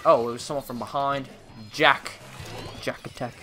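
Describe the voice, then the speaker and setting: A young man streaming a game, chatting casually with viewers and reacting loudly to the action. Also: medium pitch, fairly even intonation, normal speed, over loud music. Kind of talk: casual live-stream gameplay chat.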